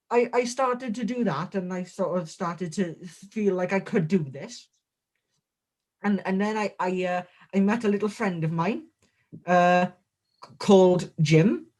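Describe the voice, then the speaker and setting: A high-pitched man appears as a guest on a comedic in-character interview. He rambles through absurd jokes with a deadpan delivery.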